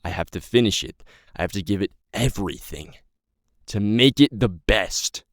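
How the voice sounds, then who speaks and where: This nineteen-year-old YouTuber and novelist delivers a heated, meandering personal update to his audience, cursing and fumbling his words. He speaks at normal speed with a lowish voice and lively intonation. The studio sound is clean, with no room sound.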